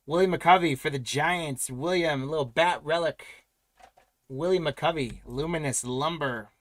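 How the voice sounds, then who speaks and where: A man's voice: fairly high pitch, normal speed, a bit bright, dry recording. A man hosting a live trading card break, announcing pulls and congratulating buyers in an upbeat, chatty way.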